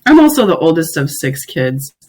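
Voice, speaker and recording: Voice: medium pitch, very animated, moderate pace, husky, poor audio. A podcast guest talking in a candid, reflective way, leaning on "like" and "you know" as they think aloud. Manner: reflective, candid, filler-heavy with frequent "like". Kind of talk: casual conversational chat.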